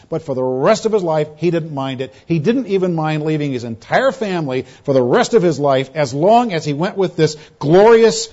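A man preaches an earnest expository sermon in a slightly high voice. He leans on repeated words and phrases to drive each point home. The recording sounds dull and lo-fi. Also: a little mellow.

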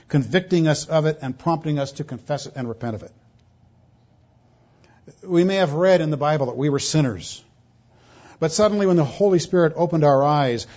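A preacher with a slightly high, darkish voice delivers an emphatic sermon, pushing his points hard. He leans on rhetorical questions and varies his pace for stress, and the audio is dull and lo-fi.

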